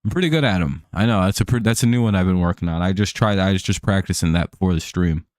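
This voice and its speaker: A man's voice: low-pitched, fast talker, a little mellow, dry recording, clean studio sound. A man hosting a live stream, casually commenting on a baseball game, rambling with many fillers and restarts and frequent chuckles.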